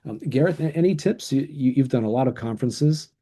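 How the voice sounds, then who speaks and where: In this webinar discussion on a video call, the middle-aged co-host has a medium-pitched, mellow, husky voice and talks animatedly and a little fast. He reflects aloud, agrees with his co-presenter, and stumbles slightly, all picked up by a desk microphone.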